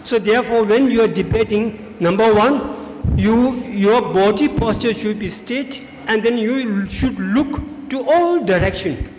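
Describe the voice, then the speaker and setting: Acting as a debate judge, a man with a high voice gives students a feedback speech, instructive and emphatic, hammering his key points through steady repetition. He moves at a measured pace with hardly any pauses. A large, echoing school hall gives his voice a long reverb tail, with faint ambience and slight background noise.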